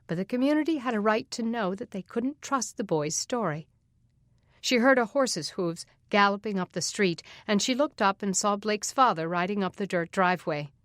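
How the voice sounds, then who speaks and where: Female audiobook narrator, mid-pitched, dry studio read, acts out dialogue. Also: animated, normal speed, fairly bright tone, no room sound. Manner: voices the characters with raised pitch in dialogue.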